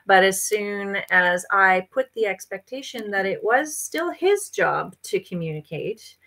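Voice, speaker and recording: A woman's voice: medium pitch, animated, measured pace, sharp tone. A woman talking as a podcast guest about parenting a child with special needs, rambling with many fillers and restarts. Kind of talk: casual conversational interview.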